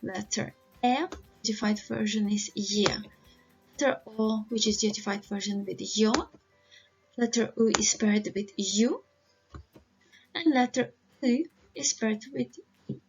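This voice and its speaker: A woman language teacher giving a careful, deliberate lesson with slow pronunciation drills. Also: fairly high pitch. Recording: slightly dull, lo-fi audio with faint music.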